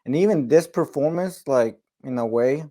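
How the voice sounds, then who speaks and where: A man's voice: medium pitch, moderate pace, warm tone, rough recording. A man co-hosting a casual sports chat, giving his opinions and thinking aloud with frequent "like"s. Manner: thinks aloud with lots of "like" and restarts. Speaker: co-host.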